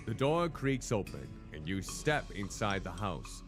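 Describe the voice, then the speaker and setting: A man's voice: lowish voice, expressive, moderate pace, hardly any pauses, music in the background. A man streaming a game, reading its text aloud theatrically and making joking asides.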